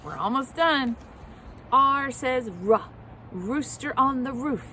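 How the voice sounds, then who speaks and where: Slow, high-voiced woman teaching phonics. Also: expressive, slight background noise. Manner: slow, clearly sounded-out letters, warm encouraging teacher talk. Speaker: preschool teacher. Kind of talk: children's phonics lesson and sing-along. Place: outdoors at home.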